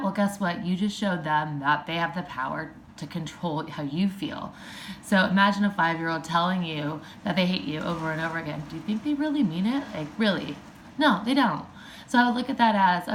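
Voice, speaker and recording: A woman's voice: lowish voice, a little hiss or hum. A woman parenting coach talking straight to parents in a chatty, direct podcast monologue. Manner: direct, advising, chatty with fillers.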